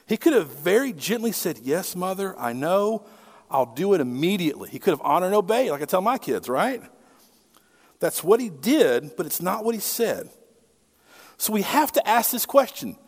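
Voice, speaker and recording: A man in middle age gives a sermon with a lively, swooping delivery, his voice sitting high for a man. He talks to the congregation in a conversational way, tossing out rhetorical questions. A long reverb trails after his words in the church. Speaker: pastor.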